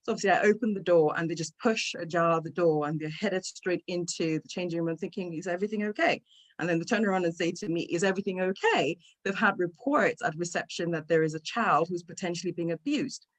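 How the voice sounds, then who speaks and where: A woman's voice: fairly low pitch, fast talker, hardly any pauses. A middle-aged woman, a guest speaker on an online talk, earnestly telling a personal story and repeating words when it gets emotional. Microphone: video call microphone.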